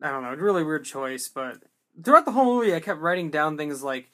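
A podcast co-host chatting casually about a movie, rambling and animated as they retell scenes. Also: mid-range voice, fairly quick. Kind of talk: casual movie review chat.

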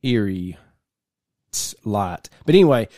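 A man's voice: on the low side, big pitch swings, measured pace, dark tone, dry recording, studio quality. A man co-hosting a casual podcast, rambling through stories and laughing often. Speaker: podcast co-host.

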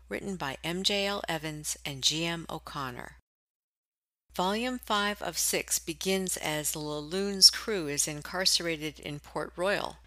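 A woman hosting an audiobook podcast, reading a scripted introduction in a clear, upbeat way. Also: lowish voice, sharp tone, no room sound. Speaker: podcast host.

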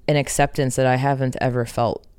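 Candid woman musician interviewee, smooth voice, dry close sound, swears freely. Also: extremely low pitch, level tone, a little fast, darkish tone, no room sound. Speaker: rock band singer being interviewed. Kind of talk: casual interview conversation.

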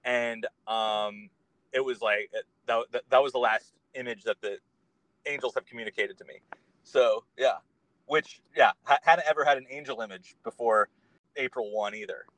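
A man's voice: mid-range voice, moderate pace, a bit bright, no echo, rough recording. A man, a guest on a podcast, talking in a casual conversation and telling his story in an earnest, meandering way.

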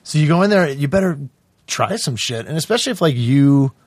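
A man in his forties, a guest actor in a casual podcast chat, telling animated stories and acting out quotes in other voices. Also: a little high, brisk, dry recording.

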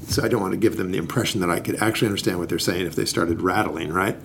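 A man's voice: low voice, rapid-fire, creaky, a little hiss or hum. A man co-hosting a casual talk, explaining investing in a playful, jokey way. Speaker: podcast co-host teaching investing. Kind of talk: casual chat.

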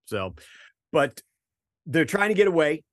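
A man's voice: on the high side, big pitch swings, measured pace, no room sound, clean studio sound. A man with a Boston accent hosting a casual book chat over an online call, chatty and profane. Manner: chatty, profane, repeats words.

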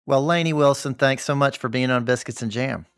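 A man hosting a podcast interview, asking measured, easygoing questions and reading the outro. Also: mid-range voice, smooth, no echo, clean studio sound, soft background music. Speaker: podcast host.

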